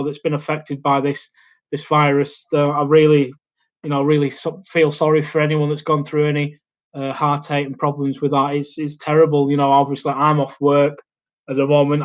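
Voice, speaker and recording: Guy, young, fairly high voice, rambly live q&a from his little home studio, loads of ums. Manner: rambling, hesitant, lots of ums and restarts. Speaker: YouTube host. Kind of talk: casual live Q&A chat. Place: small home studio indoors. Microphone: laptop mic.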